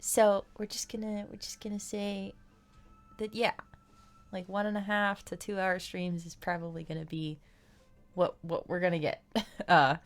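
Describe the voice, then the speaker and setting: A woman streaming a game and chatting casually, bubbly and gushing with frequent giggles. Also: medium pitch. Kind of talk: casual live-stream chat.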